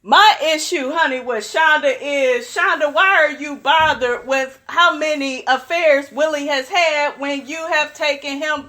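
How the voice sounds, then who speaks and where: A young woman with a high voice hosts a reality show recap. She talks casually and sassily, full of strong opinions, and keeps calling her viewers "honey.". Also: sharp tone. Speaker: recap channel host.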